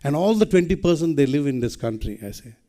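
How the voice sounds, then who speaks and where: A man's voice: on the high side, animated, fast talker, mellow. Emphatic Indian man giving a speech. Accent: Indian English. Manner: exhorting, emphatic, rhetorical questions. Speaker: guest speaker. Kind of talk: public speech to students.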